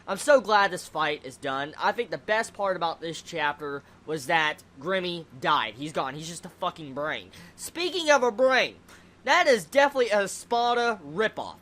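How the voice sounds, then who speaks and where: A manga reviewer in a loose, unscripted rant, voice pitched in an ordinary middle range. They speak bluntly, curse often and pile up rhetorical questions, stumbling into restarts as they go. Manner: blunt, swears freely, animated. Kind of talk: casual chapter review rant.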